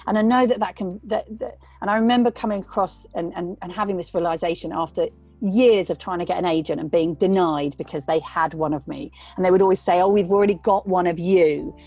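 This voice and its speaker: A woman's voice: medium pitch, dark tone. A woman voice actor giving earnest, rambling advice in a casual interview, often restarting her sentences. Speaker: voice actor guest.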